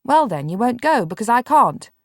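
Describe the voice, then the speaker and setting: A woman's voice: a little high, big pitch swings, normal speed, dry recording, clean studio sound, pitched above the performer's own voice. A woman reading an audiobook, voicing a bedridden boy who is curt, impatient and grudging. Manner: curt, exasperated.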